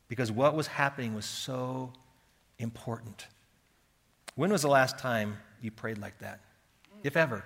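A man preaching a sermon with passion, dropping to hushed tones and rising to loud pleading. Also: medium pitch, measured pace, pauses often. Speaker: pastor. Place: church hall. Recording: reverberant hall.

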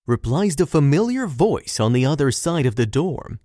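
A man narrating a fantasy story in a steady, descriptive storytelling manner. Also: on the high side, moderate pace, hardly any pauses, no echo, studio quality. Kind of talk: scripted narration.

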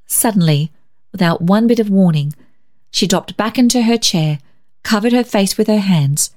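A woman narrating a classic short story in a calm, measured storytelling manner. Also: mid-range voice.

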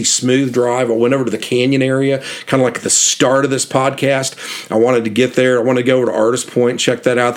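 A middle-aged man hosting a podcast, telling stories in a casual, rambling, enthusiastic way. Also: medium pitch. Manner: rambling, enthusiastic, repeats words and restarts. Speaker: podcast host and guidebook author. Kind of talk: casual storytelling monologue.

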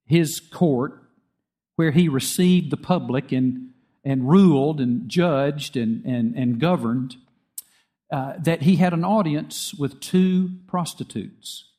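Earnest preacher with a higher voice. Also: male voice, warm tone. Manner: earnest, repeats himself with fillers and restarts. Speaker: pastor. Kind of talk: sermon.

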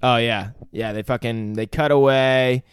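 A man's voice: medium pitch, fairly even intonation, a little slow, clean tone, no room sound. Casual, rambling podcast guy. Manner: rambling, swears often, hesitant restarts. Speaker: podcast co-host. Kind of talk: casual chat recapping a film.

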